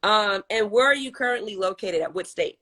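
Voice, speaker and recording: Bright, chatty woman host. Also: medium pitch, fairly quick. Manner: laughs often, animated and chatty. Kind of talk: casual online interview.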